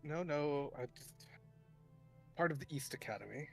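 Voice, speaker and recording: A man's voice: a little high, lively intonation, moderate pace, creaky, faint music behind. A man playing in a tabletop game, answering in hesitant, flustered bits with frequent laughter. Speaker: player. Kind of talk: tabletop role-play.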